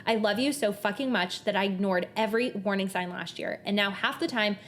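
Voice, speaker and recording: A woman's voice: mid-range voice, fairly quick, slight background noise. Earnest young woman co-hosting a podcast. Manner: animated, earnest, reads quotes aloud at length. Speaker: podcast co-host. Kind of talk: casual book discussion. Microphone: shared table mic.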